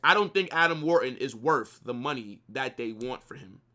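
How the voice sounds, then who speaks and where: A young man, co-hosting a live football watch-along, opinionated and animated, swearing casually and dropping slang. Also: medium pitch, moderate pace.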